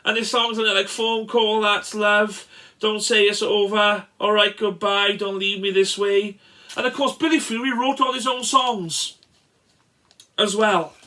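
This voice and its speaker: Guy with a high bright voice rambling happily about old vinyl, lots of uhs. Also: steady tone, unhurried. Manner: chatty, enthusiastic, many uhs and restarts. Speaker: guitarist showing his vinyl records. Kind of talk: casual record show-and-tell.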